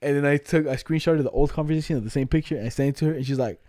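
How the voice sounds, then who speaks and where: A man's voice: on the high side, very fast, no echo. A man in his twenties, co-hosting a podcast, telling a story casually and profanely, acting out quoted chat lines. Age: 20s. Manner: animated, profane, retelling chats with quoted lines. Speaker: podcast co-host.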